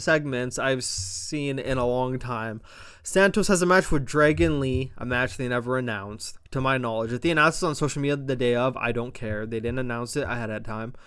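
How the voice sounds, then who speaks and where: A man recapping and reviewing a wrestling show in a casual, excitable, fast-talking way, swearing often and breaking into loud exasperated outbursts. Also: medium pitch, clean tone.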